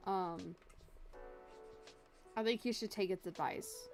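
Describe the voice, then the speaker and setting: A woman's voice: mid-range voice, takes it slowly, pauses often, a little mellow. A woman art streamer chatting casually and jokingly with her viewers as she draws, rambling and answering the chat. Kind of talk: casual livestream chat while drawing. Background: faint background music.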